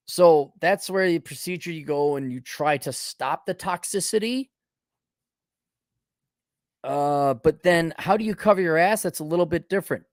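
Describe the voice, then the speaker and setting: Man, host of a blunt advice talk, sarcastic and profane, slightly high voice, dry close sound. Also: unhurried, long pauses, dry recording. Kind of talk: advice monologue.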